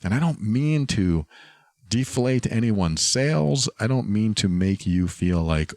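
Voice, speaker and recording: A man hosting a podcast, giving calm, thoughtful relationship advice and acting out short example phrases. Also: lowish voice, slow pace, no room sound, clean studio sound. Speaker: podcast host. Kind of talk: reflective advice talk.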